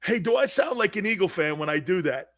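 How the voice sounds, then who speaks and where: A male sports talk show host ranting loudly and mockingly, acting out angry fans in bits. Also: high voice, expressive, a little fast. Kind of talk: animated sports talk rant.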